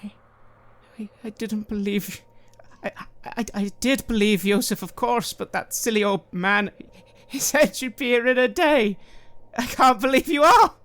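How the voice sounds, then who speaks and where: A man's voice: high-pitched, lively intonation, normal speed, a bit bright, voice pushed up. A man doing a tough, tearful boatwoman mother. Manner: stammering, emotional. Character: hardy boat-folk mother, tough and tearful.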